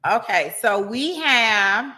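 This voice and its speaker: A woman hosting a casual livestream, reading viewer comments aloud. She laughs often and chats in a slangy, easygoing way, addressing her viewers as y'all. Her delivery is slow and drawn out, and her voice is bright. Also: a little high, lively intonation. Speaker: livestream host.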